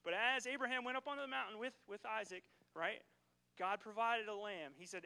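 A man's voice: high-pitched, a little fast, vocal fry, sharp tone, rough recording. A man preaching a casual, conversational sermon in a church, often checking in with the congregation. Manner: casual, keeps asking "right?" to the congregation.

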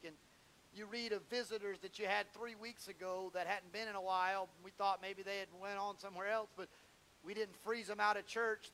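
A man preaching a sermon as pastor, in a conversational storytelling way that climbs louder and higher as he gets moved. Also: a little hiss or hum, low-quality recording. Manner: conversational storytelling, rising in pitch and volume as he grows emotional.

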